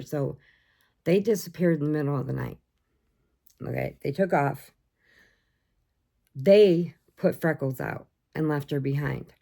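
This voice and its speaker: A woman chatting casually on her own channel, ranting in an animated way and acting out voices for her pets. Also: sits low, vocal fry. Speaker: vlogger.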